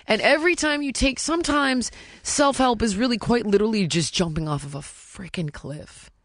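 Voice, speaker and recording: A woman's voice: fairly high pitch, animated, normal speed, no room sound, clean studio sound. A woman hosting a podcast, talking frankly and swearing freely as she tells stories from her life as a mother. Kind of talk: candid casual podcast chat. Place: podcast studio.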